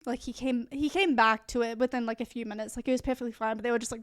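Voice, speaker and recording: A woman's voice: on the high side, steady tone, fast talker, no echo, clean studio sound. A young woman streamer telling a casual, rambling story full of fillers and swearing.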